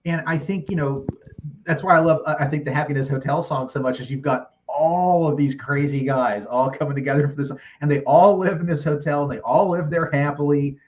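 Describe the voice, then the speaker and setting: Podcast host, male, eager film-fan chatter, slightly high voice, frequent laughter. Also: a little fast, a little mellow, poor audio. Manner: enthusiastic, laughs often, many restarts. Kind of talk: casual chat about films.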